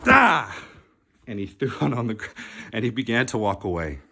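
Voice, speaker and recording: A man reading a children's picture book aloud, slow and animated, calling out the characters' lines. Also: on the low side. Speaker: storybook reader.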